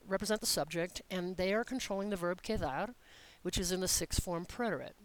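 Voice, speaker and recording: A Spanish teacher explaining grammar step by step in a recorded lesson, patient and methodical, reading example sentences slowly and clearly. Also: medium pitch, low-quality recording.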